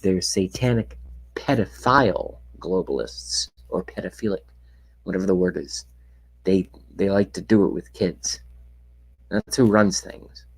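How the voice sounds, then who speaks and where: A livestream host with a deep, creaky, husky voice speaks unhurriedly to his chat during a casual rant. He's sarcastic and swears freely, now and then sinking to a whisper, and the webcam mic gives poor audio.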